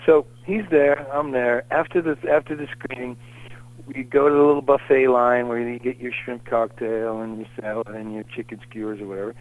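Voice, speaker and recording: Man, middle-aged, interview guest, animated anecdotes, medium pitch, dry recording. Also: moderate pace, dry recording, poor audio. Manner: animated, rambling anecdotes with lots of fillers. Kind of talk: casual storytelling interview.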